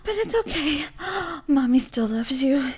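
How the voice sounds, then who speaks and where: A possessive, menacing motherly captor, played by a woman in an audio role-play. The voice sits high and coos with breathy edges. She takes her time, drawing out every word. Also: very animated, a little slow, darkish tone. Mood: cooing.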